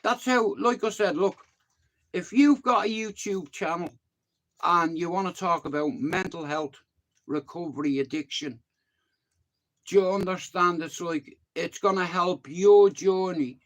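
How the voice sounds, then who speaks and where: Speaking a bit slowly in a high, slightly bright voice, a fifty-something Irishman talks loosely on his YouTube livestream. He wanders from point to point, says things more than once, and swears without a second thought.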